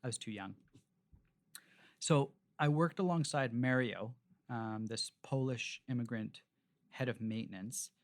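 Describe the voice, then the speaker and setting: A man's voice: mid-range voice, a little slow, long pauses. A man, a restaurateur, telling long anecdotes as a podcast guest, casual and rambling with many fillers and restarts. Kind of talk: casual storytelling interview.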